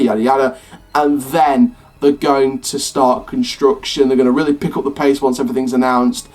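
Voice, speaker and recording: A man hosting a theme park news channel, chatting excitedly to camera in a rambling way with plenty of fillers and restarts. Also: a little high. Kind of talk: excited casual chat to camera.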